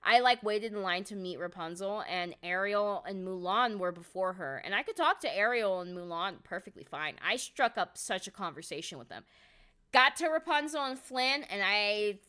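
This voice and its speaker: A young woman streaming from home, telling a story in casual chat, excitable and swearing a lot with many fillers of "like". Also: medium pitch, normal speed, smooth. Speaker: live streamer. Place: at home by a window.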